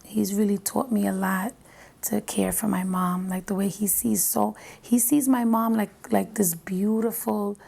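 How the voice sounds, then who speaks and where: A middle-aged woman speaks tenderly and searches for her words. Her voice is gravelly, with a lot of fry. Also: mid-range voice, fairly even intonation, measured pace, mellow.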